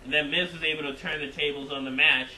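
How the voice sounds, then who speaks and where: An excitable man recaps and reviews a show in a loose, rambling way, circling back over the same points. His voice is very bright and sharp and sits a little high. It is recorded on a camera mic in an echoey room with faint background hiss. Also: fast talker. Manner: excitable, repeats himself, rambling. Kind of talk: casual recap and opinion.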